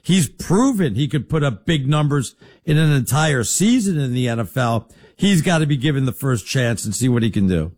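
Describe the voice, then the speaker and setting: A male sports radio co-host with a slightly husky voice, giving animated, opinionated takes in loose banter and laughing easily. His pitch sits in the middle range for a man. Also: moderate pace. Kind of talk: casual sports talk.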